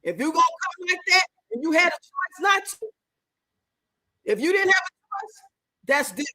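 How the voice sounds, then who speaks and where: A woman hosting a casual livestream in African American Vernacular English, loud and animated, cursing freely. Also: very high voice, normal speed, no room sound, low-quality recording. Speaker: livestream host.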